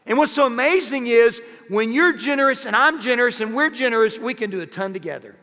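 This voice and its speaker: A male pastor preaching a sermon, jokey and animated, with sudden loud bursts. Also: very high voice, brisk, long reverb tail. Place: church sanctuary.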